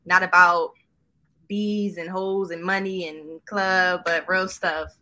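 Bright-voiced young woman, candid guest. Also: fairly low pitch, takes it slowly. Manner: relaxed, candid, laughs a lot. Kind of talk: casual interview chat.

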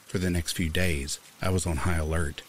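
Very deep-voiced man narrating creepy stories. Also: steady tone, normal speed, slight background noise. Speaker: horror story narrator.

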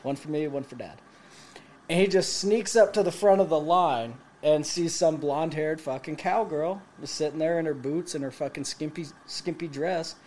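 A man in his late twenties telling a profane story to friends, animated and laughing as he goes. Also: a little high, moderate pace, a little hiss or hum. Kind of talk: casual storytelling among friends.

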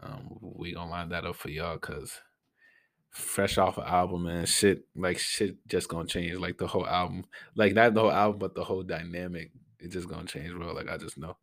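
Deep gravelly young man, podcast host. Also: steady tone, moderate pace, no room sound. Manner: laid-back, slangy, rambling with fillers; stutters. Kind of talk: casual solo podcast talk.

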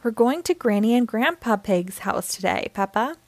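A woman voicing a gentle, patient mother pig in a storybook, in a soft voice. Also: fairly high pitch, animated, moderate pace, dry recording. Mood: sleepy.

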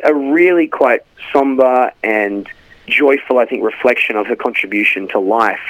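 A man's voice: medium pitch, no room sound, poor audio. An Australian man in his thirties, a guest correspondent talking in a radio interview, chatty and rambling with frequent restarts. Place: Los Angeles.

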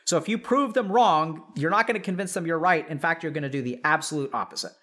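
A man, a psychiatrist, explaining in casual chat to a live audience, animated and full of filler words. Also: on the high side, quick pace. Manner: animated, filler-heavy, addresses audience directly. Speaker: psychiatrist and streamer host.

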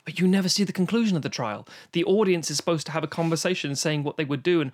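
A man with a slightly high voice talks fast while co-hosting a podcast from home, recorded remotely during lockdown. He chats casually and enthusiastically about an old film, swearing freely and rambling with plenty of restarts.

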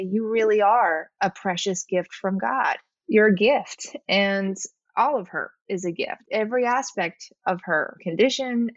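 A woman's voice: mid-range voice, no room sound, highs cut off. A woman telling a personal story as a podcast guest, earnest and reflective. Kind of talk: heartfelt interview talk.

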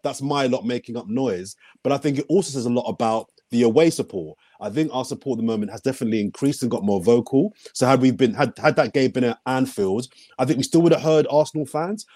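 A male co-host on a football podcast makes his case with emphasis and repeats himself to drive points home. His pitch is ordinary and middle. The mic sound is dry and close. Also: warm tone, no echo. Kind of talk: casual football podcast chat.

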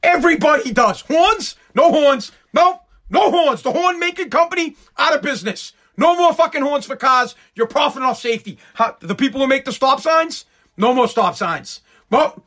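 Very high-pitched ranting sarcastic man. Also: animated, moderate pace, sharp tone. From United States. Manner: sarcastic, mocking, profane. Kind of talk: profane live-stream rant.

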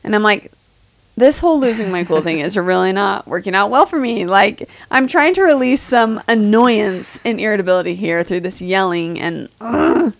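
Soft-voiced chatty woman podcast host. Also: medium pitch, normal speed, no room sound. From United States. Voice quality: soft voice that doesn't carry. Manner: laughs often, chatty and self-deprecating. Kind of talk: casual chat.

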